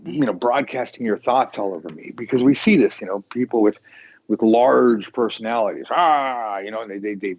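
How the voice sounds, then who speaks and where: Man, show host, casual chat, rambling, animated, lots of restarts, muffled lo-fi recording. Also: on the low side, moderate pace. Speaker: tarot podcast host.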